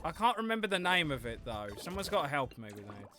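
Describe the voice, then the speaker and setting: Young male streamer, casual rambling chat with swearing, fairly high voice. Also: very animated, fast talker, bright, forceful tone, faint music behind. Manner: rambling, swears freely, reads chat aloud. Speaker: livestreamer.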